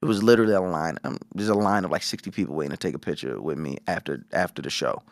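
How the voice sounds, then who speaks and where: A man's voice: low voice, rapid-fire, vocal fry, hardly any pauses, no echo, studio quality. A man co-hosting a podcast, telling a story in casual chat, swearing freely and acting out what people said. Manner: animated storytelling, profane, acts out quoted voices. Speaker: podcast co-host.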